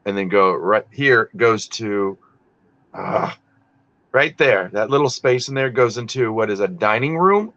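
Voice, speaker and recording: A man's voice: on the low side, lively intonation, unhurried, a bit bright. Rambling man on a lo-fi stream. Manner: rambling, self-interrupting, swears freely. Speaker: live-stream host. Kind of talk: casual chat while working. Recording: dull lo-fi stream audio.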